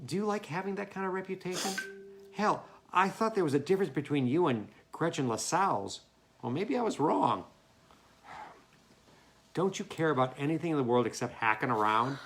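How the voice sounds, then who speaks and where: Man reading earnest, stuffy young college guy, jealous, scolds in loud spurts. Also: fairly high pitch, expressive, normal speed, a little hiss or hum. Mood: scolding. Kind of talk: staged play reading. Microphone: home mic.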